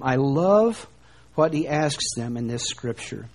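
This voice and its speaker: A man preaching a sermon, animated and emphatic, often posing rhetorical questions. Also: medium pitch, takes it slowly.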